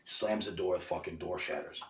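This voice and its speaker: A man with a low voice spins a rambling, profane story as a podcast guest, circling back and restarting his sentences. He sits a little back from the mic, and the room around him sounds echoey. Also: steady tone, a little fast, a bit bright. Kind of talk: casual storytelling. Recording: roomy, distant mic.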